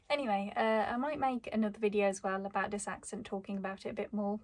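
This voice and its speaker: Young woman with a mild Black Country accent. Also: mid-range voice. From Black Country, England. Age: 20s. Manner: chatty, thoughtful, laughs lightly between points. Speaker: vlogger. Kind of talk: casual talk to camera.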